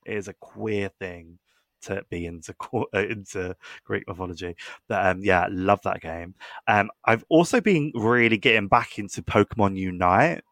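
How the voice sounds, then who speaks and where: A man's voice: lowish voice, normal speed, fairly bright tone, no room sound. A young British man co-hosting a podcast in loose, casual chat, swearing freely and filling gaps with "um" and "like". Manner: loose and chatty, swears, many "um"s and "like"s. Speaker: podcast co-host.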